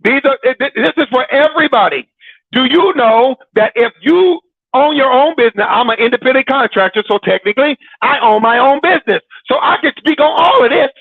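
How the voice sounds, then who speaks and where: A man's voice: very high voice, lively intonation, fairly quick, vocal fry, no echo, phone-quality sound. A man hosting a Christian broadcast, preaching in a casual, teasing way with dramatic repetition and frequent laughs. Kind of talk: sermon-like casual talk.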